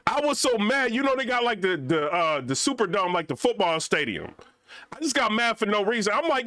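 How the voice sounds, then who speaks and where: High, lively young man ranting. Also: moderate pace, long pauses, dry recording. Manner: animated, rambling, slangy. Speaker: vlogger. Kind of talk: casual rant to camera.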